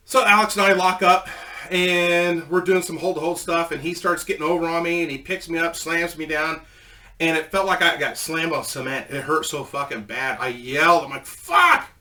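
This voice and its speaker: Bright-voiced man telling a story. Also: fairly high pitch, recorded from a distance. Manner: rambling, swears a lot, laughs at own story. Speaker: storyteller, ex-wrestler. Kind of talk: casual profane storytelling.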